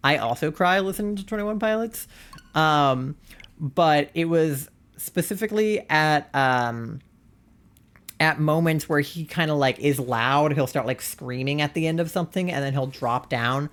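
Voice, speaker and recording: A streamer chatting on a live stream in an earnest, gushing way. The talk rambles, with "like" in almost every breath. The voice sits in an ordinary middle pitch. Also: animated, measured pace, a bit bright. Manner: rambling, says "like" constantly. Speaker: livestreamer. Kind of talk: casual chat.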